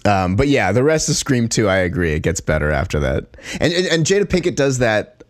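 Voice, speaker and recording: A man with a fairly low voice, recorded close and dry with no room sound. He is a podcast co-host telling a story in loose, casual talk, swearing freely and breaking into laughs at his own tale. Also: very animated, fairly quick, no room sound.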